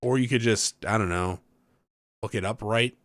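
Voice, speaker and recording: A man's voice: fairly low pitch, moderate pace, fairly bright tone, no room sound, studio quality. A young man rambling casually as he comments on a video game he is playing, laughing and correcting himself. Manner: chatty, rambling asides with laughs and self-corrections. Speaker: let's play host.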